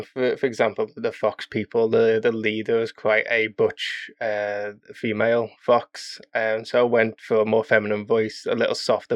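A man chatting casually as a podcast guest, rambling and animated as he explains his game characters. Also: on the low side, no room sound. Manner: rambling, animated with quick voice demos. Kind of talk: casual chat.

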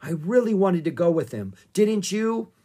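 Give me an eager little girl in a storybook, high and gushing, voice a bit husky, as a reader puts her on. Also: normal speed. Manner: high, excited and cooing. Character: eager curious young girl adventurer.

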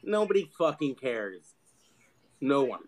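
A man's voice: on the high side, lively intonation, a little fast, a crowd in the background. A man co-hosting a crude comedy chat, ranting with heavy profanity and frequent laughter. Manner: profane, ranting, laughs often, mocking voices.

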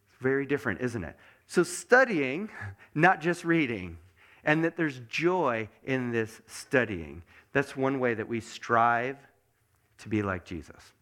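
A man preaching a sermon as pastor, asking the congregation many questions and dropping to a soft mutter to show meditation. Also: mid-range voice, moderate pace. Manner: animated, asks the congregation lots of questions; drops to a soft mutter when showing meditation.

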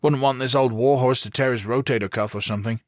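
A man voicing a brash, crude young male SWAT officer who talks loudly and excitedly. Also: mid-range voice, quick pace, no echo, clean studio sound, voice pushed up, natural voice.

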